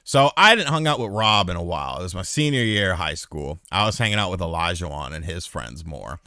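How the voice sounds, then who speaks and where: A young man hosts a loose chat show and tells a rambling personal story. His pitch swings widely, his tone is bright and forward, and the sound is close and dry. He swears casually and acts out what people said. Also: brisk, no echo. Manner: animated, swears freely, acts out quotes. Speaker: host.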